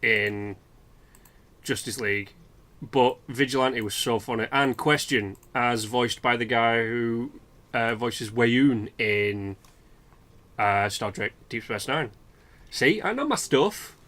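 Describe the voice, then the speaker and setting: A man's voice: medium pitch, steady tone, slow, pushed and bright. A British man hosting a let's play, rambling chattily and swearing freely while commenting on the game. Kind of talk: casual gameplay commentary.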